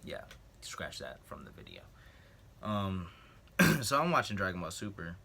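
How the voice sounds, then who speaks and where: A man's voice: low-pitched, huge pitch swings, unhurried, vocal fry, pushed and bright, slightly rough. A young man in a casual storytime vlog, animatedly telling a story and acting out what others said. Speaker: vlogger.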